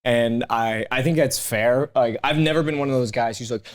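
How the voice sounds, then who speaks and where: A young man, a comedian guest on a podcast, telling animated, profane stories in a studio and acting out what people said. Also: mid-range voice, moderate pace. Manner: animated, profane, acts out quoted voices. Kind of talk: casual podcast chat, storytelling.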